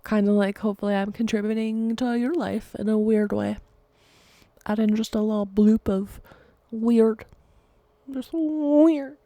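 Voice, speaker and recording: A woman's voice: mid-range voice, flat delivery, normal speed, mellow, no echo. A young adult woman hosting her own podcast, talking alone in a rambling, chatty way and often laughing. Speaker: podcast host. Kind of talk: casual solo podcast chat.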